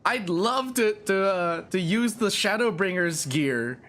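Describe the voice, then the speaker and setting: A young man streams a game and chats in a playful, animated way. His voice sits high for a man. It swings widely as he riffs. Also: measured pace. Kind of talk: live game commentary and dialogue reading.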